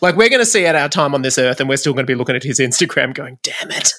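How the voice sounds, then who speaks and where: A woman with an Australian accent co-hosting a podcast in casual chat, playful and quick to laugh. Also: rumbling low, expressive, fairly bright tone. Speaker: podcast co-host.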